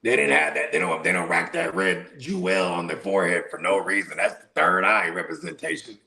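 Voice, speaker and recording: A man telling stories in a casual podcast chat, animated and slangy, sometimes breaking into loud shouts. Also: sits low, a little fast, creaky. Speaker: podcast co-host.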